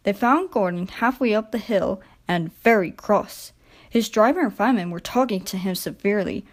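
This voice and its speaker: A woman reading a children's railway storybook aloud, gentle and expressive. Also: medium pitch, normal speed. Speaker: storybook narrator.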